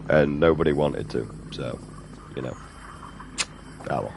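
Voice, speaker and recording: Male streamer, extremely low voice, profane drawling banter, faint hiss behind. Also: a little slow, vocal fry. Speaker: gaming streamer. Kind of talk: casual commentary while playing.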